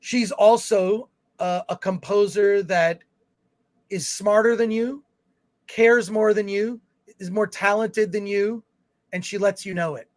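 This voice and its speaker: High-voiced man reading viewer comments. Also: dry recording. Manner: chatty, reads comments aloud with fillers and restarts. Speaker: film review show co-host. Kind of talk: casual livestream chat reading viewer comments.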